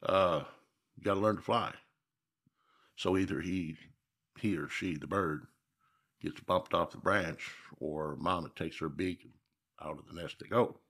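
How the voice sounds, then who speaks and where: A man's voice: deep voice, a little slow, pauses often, fairly bright tone, husky. A man from Minnesota, a guest telling stories in a casual interview, reflective and folksy with emphatic repeats.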